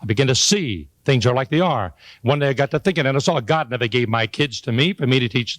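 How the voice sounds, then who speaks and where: A man's voice: fast talker, hardly any pauses, no echo. An older man giving a folksy, joking motivational speech to a live audience. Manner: homespun, joking, swings to high excited peaks. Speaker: motivational speaker.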